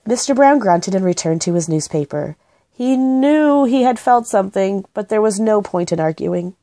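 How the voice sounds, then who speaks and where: Lady reading a kids book out loud, gentle, dry close mic. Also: mid-range voice, expressive, normal speed, no room sound. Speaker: storybook reader. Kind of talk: reading a children's book aloud.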